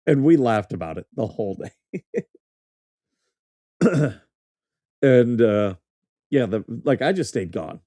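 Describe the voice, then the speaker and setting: A man's voice: mid-range voice, lively intonation, takes it slowly, pauses often, dark tone, dry recording, clean studio sound. A middle-aged man hosting a podcast, telling rambling, profane stories and laughing through them. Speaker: podcast host, former military officer. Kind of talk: casual storytelling chat.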